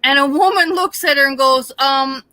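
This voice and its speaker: Woman, live stream host, bright voice, animated casual storytelling, dry sound. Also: sits high, moderate pace, dry recording. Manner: animated storytelling with frequent swearing. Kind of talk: casual chat.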